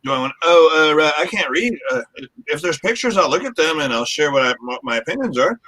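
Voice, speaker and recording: A man joining a casual food chat, animated and jokey, with frequent laughs. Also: a little high, a little fast.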